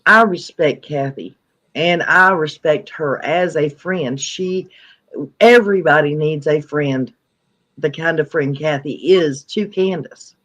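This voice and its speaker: A man speaking earnestly and deliberately in casual true crime commentary. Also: fairly high pitch, a bit bright, muffled recording. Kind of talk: casual chat.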